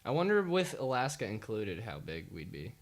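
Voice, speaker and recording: A man's voice: fairly low pitch, huge pitch swings, moderate pace. A man from the United States co-hosting a podcast in casual chat. He is laid-back, mostly giving short reactions and dry remarks with some swearing. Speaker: podcast co-host.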